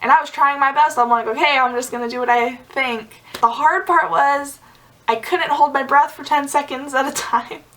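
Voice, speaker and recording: A young woman talks straight to her viewers in a relaxed, chatty vlog. Her voice sits a little high, and she fills her sentences with "like" and quick giggles. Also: low-quality recording. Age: young adult. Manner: chatty, many "like" fillers, giggly asides. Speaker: vlogger. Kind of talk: casual storytelling to camera.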